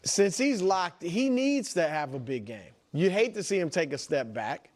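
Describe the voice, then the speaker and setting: A sports panelist in casual debate, animated and rattling off statistics. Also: male voice, high-pitched, moderate pace.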